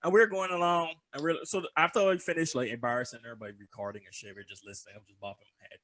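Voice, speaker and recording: A man's voice: a little high, fairly even intonation, fast talker, fairly bright tone. A young man co-hosting a podcast in casual chat, joking loosely, swearing freely and laughing often. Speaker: podcast co-host.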